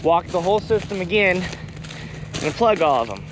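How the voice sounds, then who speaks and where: A man's voice: high voice, normal speed. A farmer from Kansas casually talking viewers through his work outdoors, walking his field and a bit out of breath. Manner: relaxed, talks to viewers while walking a field. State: out of breath with hiccups. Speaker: farmer vlogger. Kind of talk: casual vlog narration while working. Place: outdoors on a windy farm field. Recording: wind noise on the mic.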